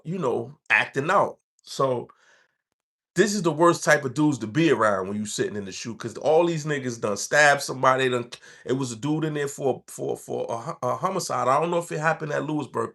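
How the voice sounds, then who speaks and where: A man's voice: medium pitch, fairly bright tone. A man, telling his own story in loose street slang. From New York. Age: 40s. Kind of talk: casual storytelling.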